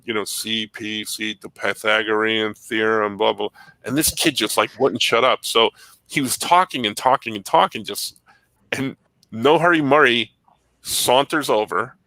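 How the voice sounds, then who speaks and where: A man in casual chat, telling animated stories and laughing often. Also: medium pitch, no echo, rough recording. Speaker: comic shop podcast co-host.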